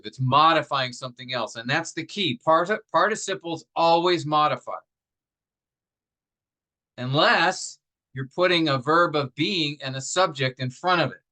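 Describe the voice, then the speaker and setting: A man's voice: a little high, sharp tone, poor audio. A man teaching a grammar lesson, explaining patiently step by step and asking his class rhetorical questions. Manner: many fillers and restarts, slows down to stress example phrases.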